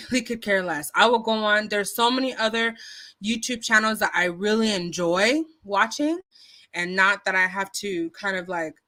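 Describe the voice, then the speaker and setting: A woman's voice: medium pitch, bright, forceful tone. A woman vlogger telling a story casually into her phone, chatty, with lots of fillers and restarts. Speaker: YouTube commentary vlogger.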